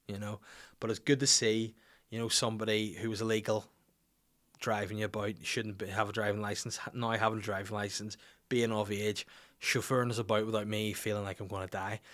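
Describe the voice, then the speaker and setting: A man's voice: medium pitch, fairly bright tone. Northern Irish male host, 30s, loose jokey storytelling, mid-range voice. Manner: rambling, jokey, sings little tunes. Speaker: podcast host. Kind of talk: casual comic monologue.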